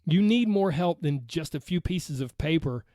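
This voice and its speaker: A man's voice: a little high, expressive, normal speed, warm tone, dry recording, studio quality. A man with a Southern accent hosting a solo podcast as a weight loss coach, talking in an earnest, motivational way and often checking in with "right?".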